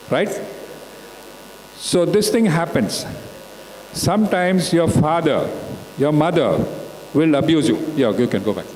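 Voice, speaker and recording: A man's voice: fairly high pitch, big pitch swings, slow pace, long pauses, a little mellow. A man giving an interactive talk to students, asking them questions again and again. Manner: asks the audience questions again and again. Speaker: guest speaker at a school talk. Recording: echoey hall with faint hum.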